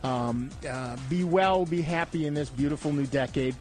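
A man's voice: fairly high pitch, moderate pace, darkish tone, faint music behind. A man hosting a radio show, chatting casually and telling rambling, self-mocking stories with frequent laughter. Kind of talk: casual on-air chat. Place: radio studio.

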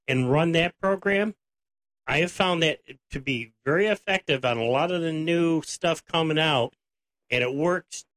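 Man, radio tech co-host, fairly high voice, dry sound, step-by-step advice. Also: fairly bright tone, no echo. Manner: gives step-by-step advice, deliberate. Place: radio studio.

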